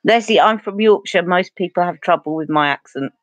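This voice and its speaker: A Cockney beauty vlogger from East London does her makeup on a livestream, chatting casually and rambling through stories. Her voice is lowish and fairly quick, recorded dry.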